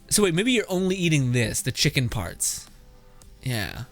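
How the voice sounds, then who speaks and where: A man's voice: fairly high pitch, sing-song, moderate pace, soft background music. A man streaming his reactions to memes in a casual, blunt, swear-filled way, laughing often. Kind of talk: casual commentary.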